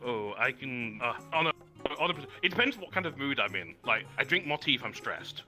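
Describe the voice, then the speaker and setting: A man's voice: medium pitch, big pitch swings, fairly quick, sharp tone, soft background music. An English man from the West Country, with a posh accent, chatting as a guest streamer in a wordy, self-deprecating way, laughing often. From West Country of England. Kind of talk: casual chat.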